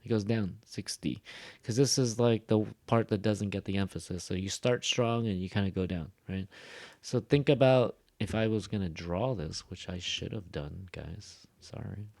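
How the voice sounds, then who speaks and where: A man teaching an English pronunciation class in a loose, chatty way, often saying "like" and "right?" and jumping up in pitch to model stressed syllables. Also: moderate pace, creaky, darkish tone, dry recording, studio quality. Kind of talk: casual recorded class lecture. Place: classroom or online class, using a whiteboard app.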